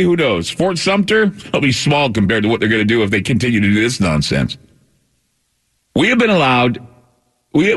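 A man's voice: medium pitch, fairly bright tone, breathy edge. A man hosting a talk radio show, delivering a combative, sarcastic monologue.

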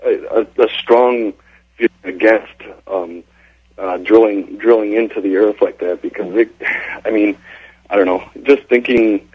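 Man, radio caller, hesitant speech, husky, phone-line sound. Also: lowish voice, a little slow. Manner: hesitant, full of fillers. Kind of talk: phoning in to a radio show.

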